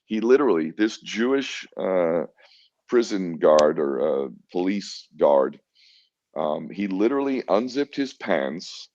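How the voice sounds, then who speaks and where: A man's voice: low voice, very animated, slow, darkish tone, no echo. A middle-aged man telling a story in an interview, blunt and profane, acting out his own defiant retorts. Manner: blunt, profane, defiant, acts out quoted exchanges. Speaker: podcast guest. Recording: dull lo-fi dry sound.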